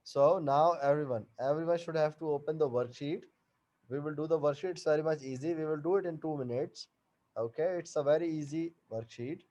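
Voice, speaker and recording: A man teaching an online class over a video call, explaining slowly and repeating each point and question. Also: a little high, warm tone.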